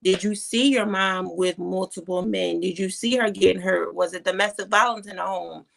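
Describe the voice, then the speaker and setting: Social worker lady guest, bit of fry in her voice, quick and candid. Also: mid-range voice, steady tone. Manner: candid, quick, laughs between points. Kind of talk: livestream talk.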